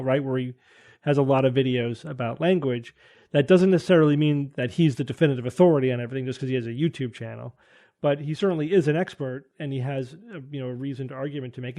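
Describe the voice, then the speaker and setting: A man's voice: medium pitch, a little mellow. A man hosting a podcast panel, thinking aloud with hedges and frequent restarts. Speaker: podcast host. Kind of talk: casual panel discussion.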